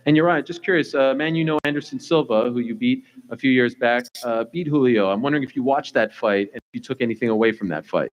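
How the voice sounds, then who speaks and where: Guy running a fight presser, rapid fire questions, lots of uhs. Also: medium pitch, dull audio, slight background noise. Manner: fast, filler-heavy questioning. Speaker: press conference moderator.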